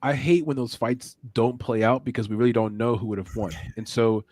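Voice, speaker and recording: A man's voice: mid-range voice, fairly even intonation, brisk, darkish tone, no echo. A man hosting a sports betting show, talking animatedly through fight picks and odds. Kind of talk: casual sports betting chat.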